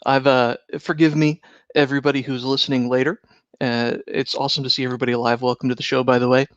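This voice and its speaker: Wry, slightly hoarse male podcast host. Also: medium pitch, level tone, fast, dry recording, highs cut off. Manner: wry, sarcastic. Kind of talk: casual chat.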